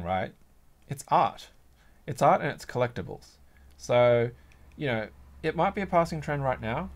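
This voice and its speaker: An Australian man chats casually on a livestream, rambling from one thought to the next as he works. His voice sits at an ordinary pitch with a gravelly, fry-laced edge. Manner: rambling, musing aloud. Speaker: livestream host. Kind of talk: casual livestream chat while crafting.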